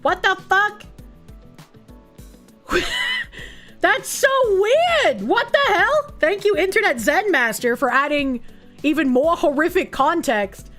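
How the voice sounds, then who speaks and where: A woman's voice: very high voice, lively intonation, slow pace, pauses often, a bit bright, soft background music. A woman live streamer chatting casually with her viewers, blunt and profane, reacting to things with disbelief.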